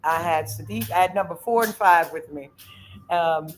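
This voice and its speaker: A woman's voice: on the low side, normal speed, faint music behind, rough recording. A middle-aged woman, telling a personal story as host of a casual chat, acting out the quoted voices with feeling. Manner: emotional, animated retelling with quoted voices.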